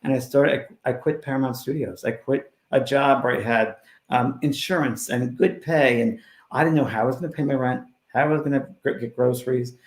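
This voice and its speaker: A man who is a spiritual medium, telling stories in a casual interview and swinging between loud and hushed. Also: mid-range voice, a little fast. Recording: roomy echo.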